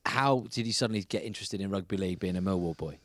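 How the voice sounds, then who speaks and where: Fast-talking low-voiced male podcast host. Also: no echo. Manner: quick, teasing questions. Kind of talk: casual podcast interview.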